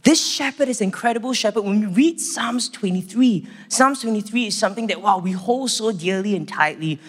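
A Singaporean man with a Singaporean English accent giving a church sermon. He opens with a prayer and then tells animated stories. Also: high-pitched, a little fast. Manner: animated storytelling, acts out quotes. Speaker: church staff preacher. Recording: long hall reverb.

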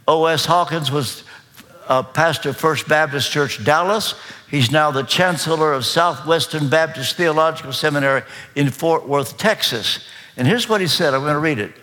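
A man with a Kentucky accent preaching a sermon as pastor, slow, deliberate and emphatic. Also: a little high, sharp tone. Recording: long reverb of a large hall.

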